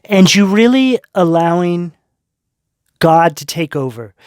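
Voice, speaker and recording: A man's voice: sits high, expressive, slow pace, a little mellow, smooth, dry recording, studio quality. A man giving a tarot reading to his viewers, talking in an earnest, spiritual way and checking in often with "right?" and "okay?". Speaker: tarot reader.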